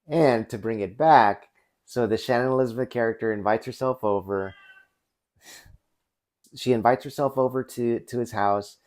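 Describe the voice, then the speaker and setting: This unscripted movie review comes from a man in his forties whose rambling talk is full of restarts and fillers. His mid-range voice has a darkish tone, moving at normal speed with long pauses.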